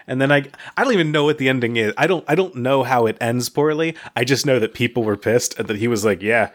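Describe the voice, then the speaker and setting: A man co-hosts a casual podcast with a mid-pitched voice. He tells winding stories, piling up "like" and false starts and breaking into laughter mid-sentence. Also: fast talker. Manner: rambling storyteller, full of "like" and restarts, laughing mid-sentence. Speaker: podcast co-host. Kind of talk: casual chat.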